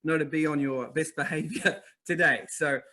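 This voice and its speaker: A man with a New Zealand accent hosting a live online masterclass, upbeat and energetic, talking straight to viewers in chat. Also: on the high side, normal speed. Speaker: webinar host.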